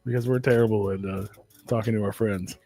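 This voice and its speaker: A man hosting a live talk stream, relaxed as he thanks viewers and welcomes a guest. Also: fairly low pitch, brisk, vocal fry, dry recording, faint music behind. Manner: laid-back, plugs the stream and hypes guests. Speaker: show host.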